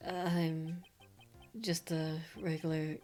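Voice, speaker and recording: A woman voicing a timid, nervous young male ventriloquist who speaks quietly and haltingly. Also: low-pitched, level tone, soft background music, pitched below the performer's own voice.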